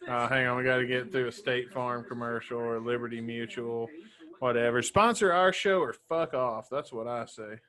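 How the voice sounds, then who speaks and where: A man co-hosting a podcast in easygoing casual chat, dropping casual curses and fillers. His voice is bright and sits at a middle pitch. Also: moderate pace. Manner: laid-back, swears casually, fillers. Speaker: podcast co-host.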